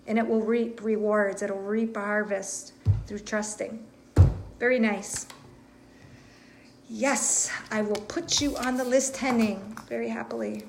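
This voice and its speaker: A woman hosting a live spiritual reading, talking earnestly in halting, repetitive phrases with many fillers and restarts. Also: on the high side, a little hiss or hum. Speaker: intuitive reader and host.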